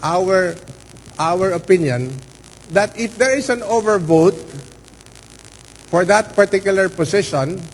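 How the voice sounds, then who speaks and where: Slow, high-voiced man at a hearing. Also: lively intonation, big-room sound, a little hiss or hum, low-quality recording. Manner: deliberate, stresses key words. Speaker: party representative at an election canvass hearing. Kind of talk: formal statement at a public hearing.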